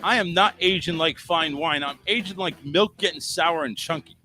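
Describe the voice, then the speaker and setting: A man's voice: on the high side, moderate pace, bright, forceful tone, faint music behind. A man hosting a call-in talk show, reading memes aloud and joking with a crude, profane streak. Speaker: radio show host. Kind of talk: casual call-in show banter.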